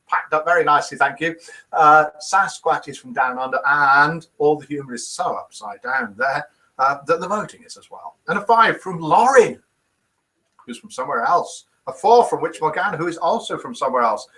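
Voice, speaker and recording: A man's voice: fairly high pitch, pushed and bright, poor audio. A British man in his fifties hosting a live show, chatting and reading out viewers' comments and jokes in a self-mocking way. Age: 50s. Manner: chatty and self-mocking, puts on voices for quotes. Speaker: host of a live daily show.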